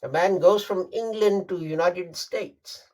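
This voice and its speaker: A man delivering a Friday sermon, emphatic and deliberate, repeating phrases for stress. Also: high-pitched, a little mellow. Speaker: preacher.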